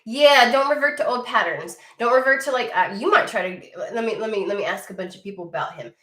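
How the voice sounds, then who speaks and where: A woman's voice: a little high, a little fast, fairly bright tone. Blunt, profane woman reading tarot. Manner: blunt and profane, talks to viewer directly. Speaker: tarot reader. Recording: echoey room.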